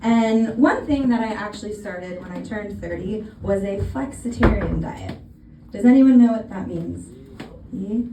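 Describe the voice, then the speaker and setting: A woman's voice: mid-range voice, unhurried, noisy background. A woman in her thirties from California with an American accent, doing a stand-up comedy set with dry, self-deprecating punchlines. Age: 30s. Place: comedy venue on stage. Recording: echoey room from far off.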